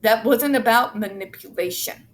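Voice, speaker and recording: A woman's voice: fairly high pitch, normal speed. A woman giving angry, blunt commentary as she reads from a report, swearing heavily and sarcastic. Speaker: autistic advocate commentator.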